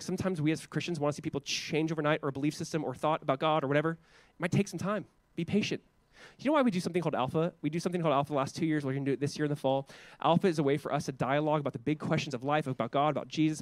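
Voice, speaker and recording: A male pastor preaches in a quick, slightly high voice that rushes ahead. He speaks casually and animatedly, stumbling into restarts and acting out quoted voices. The sound is close and dry, with no room around it. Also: no room sound. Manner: acts out quoted voices with raised pitch. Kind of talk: sermon.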